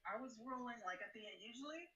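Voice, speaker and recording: A woman playing in a tabletop game, chatting casually and gushing with excitement. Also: on the high side, quick pace, highs cut off, slight background noise. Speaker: player.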